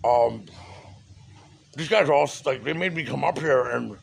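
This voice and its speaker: Gravelly-voiced man telling a story. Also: mid-range voice, measured pace, slight background noise, poor audio. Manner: loose and profane, with street slang and many fillers. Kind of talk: casual spoken storytelling.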